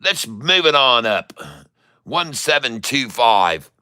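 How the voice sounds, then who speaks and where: A man's voice: medium pitch, big pitch swings, slow, sharp tone, clear, resonant tone. A middle-aged man giving live day-trading commentary, joking and rambling with showman asides to his viewers. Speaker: day trader streaming to viewers.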